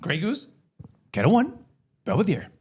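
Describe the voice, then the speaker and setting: A man's voice: high voice, huge pitch swings, moderate pace, darkish tone, husky. A man co-hosting a podcast, explaining things step by step and often checking in with "right?". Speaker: podcast co-host. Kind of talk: casual chat.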